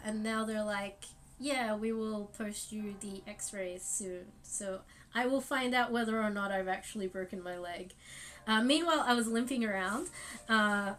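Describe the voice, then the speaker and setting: Young woman streamer rambling on in casual chat, kinda high voice, faint music under it. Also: a bit bright. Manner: rambling, filler-heavy storytelling with bursts of laughing.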